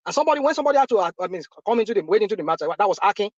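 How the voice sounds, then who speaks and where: A Nigerian man in his fifties with a high voice argues bluntly and with passion, repeating himself to drive each point home. The audio is dry and dull, like lo-fi voice-chat sound. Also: animated, rapid-fire, no echo. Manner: impassioned, repetitive, blunt. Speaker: discussion panelist. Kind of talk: heated live audio chat.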